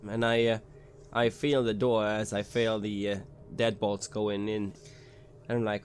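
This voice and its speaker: A man's voice: fairly low pitch, level tone, unhurried, a little hiss or hum. A man playing a tabletop role-playing game, stammering a little as he describes reactions and speaks in character. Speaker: player.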